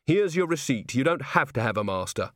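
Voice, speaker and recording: A polite, earnest young watchman, voiced by a male reader, who sounds a touch higher than the narration and carries a lively lift in his lines. He is courteous and by the book, recorded dry and close for an audiobook. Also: a little fast, no room sound. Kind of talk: audiobook character voice.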